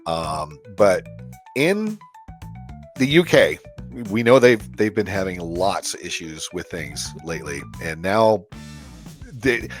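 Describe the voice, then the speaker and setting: Brief: a loud, blunt man hosting a casual podcast, with a lively, swooping voice. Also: medium pitch. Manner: profane, blunt, laughs often. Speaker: podcast host. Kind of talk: casual opinion podcast chat.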